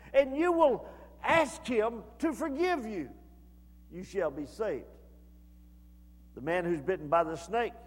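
A man preaching a sermon as pastor, in a folksy way that builds to shouted fervor. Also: sits high. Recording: long hall reverb.

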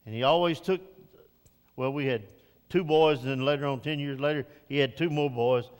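An older man preaching a Father's Day sermon, climbing to loud, high emphatic peaks and then dropping to soft, slow reflection. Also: smooth, in a large hall.

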